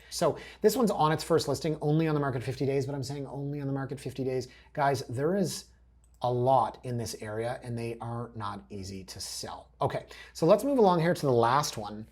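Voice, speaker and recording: Husky-voiced man joking through listings. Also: medium pitch, a little mellow. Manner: joking, wry asides; chatty, addresses viewers directly. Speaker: real estate agent host. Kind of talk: casual commentary over listing photos.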